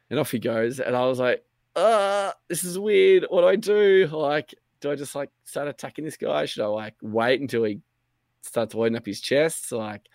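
A man's voice: mid-range voice, no room sound, clean studio sound. A young man co-hosting a podcast, telling a long story in rambling, swearing, casual chat and acting out his own thoughts. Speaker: podcast co-host.

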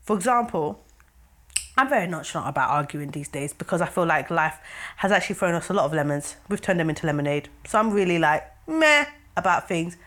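Woman, young adult, podcast co-host, casual chat, animated, laughs often. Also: lowish voice, a little fast. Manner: animated, laughs often, acts out scenes loudly.

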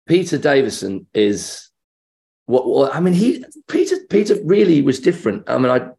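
A man's voice: mid-range voice, normal speed, creaky. A middle-aged man from England, an actor being interviewed, telling an anecdote and acting out the voices in it. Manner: animated storyteller acting out quoted voices.

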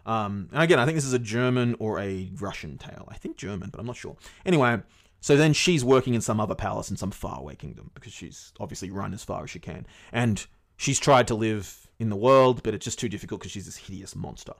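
Guy on a podcast rattling off a fairy tale super fast, kinda low voice, lots of ums and swearing. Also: animated, vocal fry. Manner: rambling, swears often, many fillers. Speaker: podcast host. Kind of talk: casual storytelling to a co-host.

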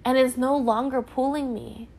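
Young woman, podcast host, personal storytelling; fairly high voice, chatty and earnest, peppers every sentence with "like". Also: fairly even intonation, normal speed, creaky, a little mellow. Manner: chatty, heavy use of "like" fillers; earnest and emotional.

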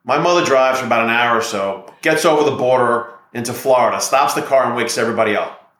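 A man's voice: medium pitch, quick pace, fairly bright tone, roomy sound. A middle-aged man, a real estate investor and podcast guest, talking in a confident, persuasive way. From United States. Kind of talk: podcast interview storytelling.

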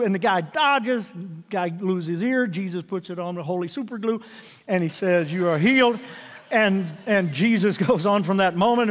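A man preaching a sermon, animated and swinging from loud declarations to hushed, intimate pleas. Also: high voice, big-room sound. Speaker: pastor.

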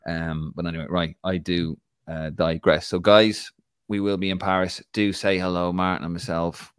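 A man's voice: deep voice, flat delivery, moderate pace, clean tone, no room sound, clean studio sound. An Irish man co-hosting a casual live football chat show, joking, rambling and laughing as he talks. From Ireland. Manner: jokey, rambling, laughs often. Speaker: podcast co-host.

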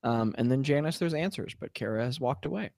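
A man acting as game master, describing scenes and calling for dice rolls, often pausing with ums and drifting between loud and quiet. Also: mid-range voice, lively intonation, gravelly, no echo, studio quality. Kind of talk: running a tabletop game online.

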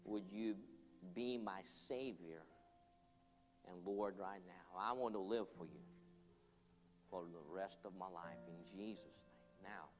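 A man preaching an altar call, earnest and pleading, leading the congregation in prayer line by line. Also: on the low side. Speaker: pastor. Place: church hall. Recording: long hall reverb, soft music behind.

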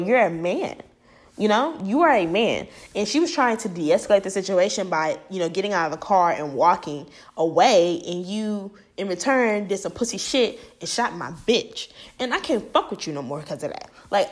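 Animated young woman, casual profane commentary. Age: young adult. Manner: animated, profane, acts out quoted voices high and loud. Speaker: vlogger.

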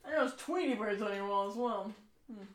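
A woman co-hosting a podcast in casual chat, playful and quick to laugh. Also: medium pitch. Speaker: podcast co-host.

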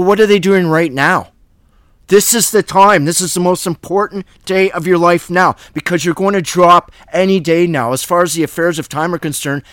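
A man's voice: fairly high pitch, a bit bright, no echo. A man hosting a Bible study, preaching in a blunt, fiery, plain-spoken way.

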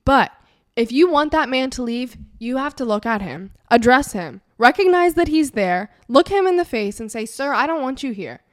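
A woman's voice: high voice, moderate pace. Young woman podcast host, casual and blunt, swears freely, acts out imagined lines. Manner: frank, profane, animated, acts out imagined dialogue. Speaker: podcast host and life coach. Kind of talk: casual advice monologue.

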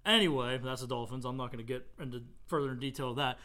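A man's voice: medium pitch, pushed and bright. A man co-hosting a casual sports podcast, giving opinionated takes and jumping in with agreement. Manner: opinionated, quick to agree and interject. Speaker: podcast co-host.

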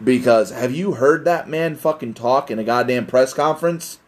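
A man's voice: mid-range voice, moderate pace. A young man hosting a casual solo podcast, rambling and self-deprecating, swearing often. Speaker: podcast host.

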